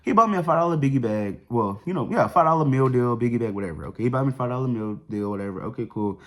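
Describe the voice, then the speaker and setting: A young man at a middle pitch races through a personal storytime, loose and conversational. He leans on casual slang and keeps coming back to filler words like "whatever" and "cool". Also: expressive, fast talker, fairly bright tone. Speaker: vlogger.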